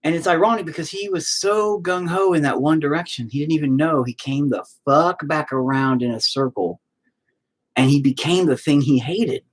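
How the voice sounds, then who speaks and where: A man's voice: a little high, normal speed. A man ranting in casual podcast talk, profane and rambling.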